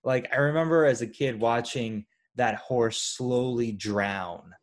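A man co-hosting a casual chat about a movie, animated and rambling with lots of fillers and restarts. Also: mid-range voice, measured pace. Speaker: podcast co-host.

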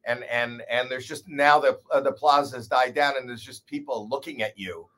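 A man in his sixties, a guest comedian telling a story in casual chat, animated, swearing and poking fun at himself. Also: mid-range voice, moderate pace. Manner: animated, profane, self-deprecating.

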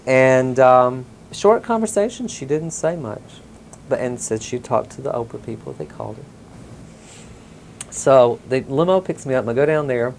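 A man from the US South, telling a personal story in a casual interview, rambling with many ums and soft chuckles. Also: mid-range voice, expressive, normal speed, vocal fry, slight background noise, low-quality recording. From Mississippi, US South. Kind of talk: casual oral-history storytelling.

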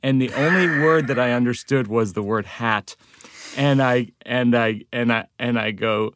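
A man's voice: medium pitch, no echo, clean studio sound. A man in casual chat who laughs easily and tells comic stories. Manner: lively, quick to laugh, tells comic bits. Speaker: comedian guest.

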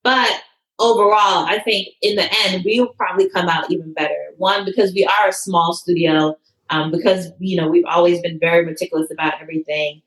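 Animated woman with a roomy echo. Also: lowish voice, brisk. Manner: emotional storytelling, animated quoted voices. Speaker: fitness studio owner. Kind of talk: interview conversation.

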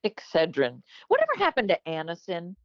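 A woman's voice: on the low side, huge pitch swings, a little fast, no echo. A woman hosting a comedy podcast, her voice swooping up and down as she riffs and giggles through improvised banter. The sound is dry and close, with a slightly dull, muffled tone from a remote home mic. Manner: playful, laughs often, slips into bits. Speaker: podcast co-host. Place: home setup, remote from co-host.

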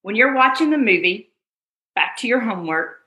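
A woman's voice: fairly high pitch, lively intonation, normal speed, dull audio. A woman giving a motivational online course lesson, talking straight to her listeners and repeating phrases for emphasis. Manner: addresses listeners fondly and directly. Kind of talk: motivational teaching talk. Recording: roomy echo.

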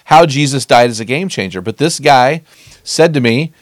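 Man, middle-aged, earnest, emphatic, conversational bible teaching, mid pitch, dry close sound. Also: lively intonation, normal speed, no room sound. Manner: earnest, emphatic, stretches key phrases.

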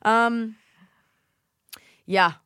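A woman's voice: on the high side, very slow, fairly bright tone, clear, resonant tone, no room sound, studio quality. An American woman co-hosting a podcast, chatting in a blunt, joking, playful way. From United States. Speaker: podcast co-host. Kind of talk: casual chat.

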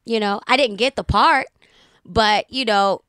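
An actress from Baltimore telling a lively story as a guest on a casual chat show, slipping into the voices of the people she quotes. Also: fairly high pitch, measured pace, smooth, dry recording, studio quality.

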